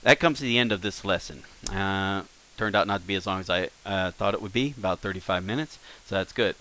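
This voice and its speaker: A language teacher narrates a screen-recorded lesson in a voice that is lowish, bright and forceful. He sounds relaxed and unscripted, using plenty of fillers and correcting himself quickly.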